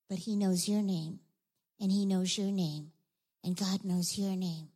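A woman leading a children's sermon, telling a Bible story in an animated way and asking the kids questions. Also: mid-range voice, measured pace, low-quality recording.

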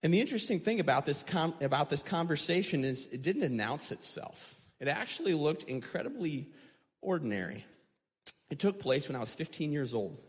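A pastor giving a sermon, speaking in a reflective, personal way. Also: male voice, fairly high pitch, big pitch swings, fairly quick. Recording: echoey hall.

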